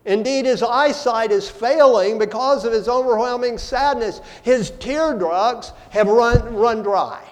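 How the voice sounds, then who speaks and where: A male pastor preaching a sermon, slow and deliberate, with dramatic swings from soft to loud. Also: extremely high pitch. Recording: long hall reverb.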